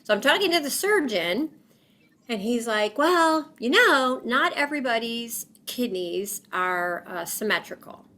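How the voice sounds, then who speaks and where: A woman's voice: a little high, a little slow. A woman, a guest in an interview, telling a personal story with lots of fillers and acting out what others said. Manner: animated, lots of fillers, acts out quoted voices.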